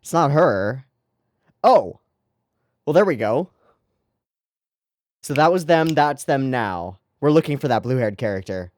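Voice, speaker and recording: An anime reaction host talking casually and excitably, rambling into giggly asides while watching an episode. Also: medium pitch, unhurried, pauses often.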